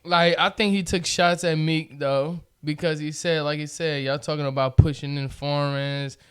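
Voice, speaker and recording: A man's voice: on the high side, steady tone, moderate pace, clean tone. A man co-hosting a podcast, chatting casually with lots of slang and swearing. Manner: profane, laid-back slang. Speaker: podcast host. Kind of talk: casual chat.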